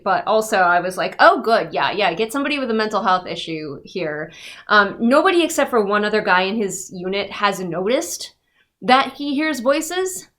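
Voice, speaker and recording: A woman's voice: mid-range voice, fairly bright tone. A woman giving a casual, sarcastic and exasperated book review rant.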